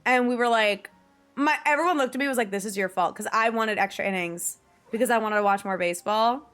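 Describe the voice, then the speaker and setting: A woman's voice: a little high, quick pace, a bit bright, smooth, soft background music. A young woman from the New area, chatting casually to her stream viewers, swearing freely and laughing often. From New York / New Jersey area. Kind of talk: casual chat to viewers while gaming.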